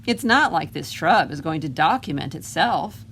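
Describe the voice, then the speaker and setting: A woman's voice: sits low, expressive, moderate pace, a bit bright, slight background noise. A woman reading a picture book aloud, voicing a grumpy, self-important male goblin with an indignant, sarcastic way of complaining. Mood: grumbling.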